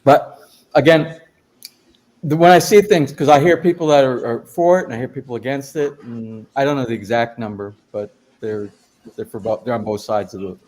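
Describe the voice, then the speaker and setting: Guy in casual group chat, hesitant, keeps repeating himself, mid-pitched voice. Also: normal speed, darkish tone.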